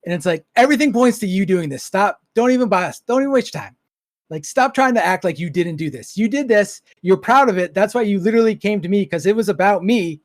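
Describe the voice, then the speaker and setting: A man chatting as a podcast guest, blunt and animated, swearing as he acts out a story. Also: high voice, a little fast, dry recording, studio quality. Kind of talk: casual podcast chat.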